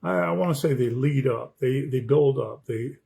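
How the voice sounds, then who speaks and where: A man's voice: medium pitch, normal speed, gravelly, dark tone, husky. A man, an author, talking casually about writing, rambling and repeating words, often checking in with the listener. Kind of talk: casual talk on writing craft.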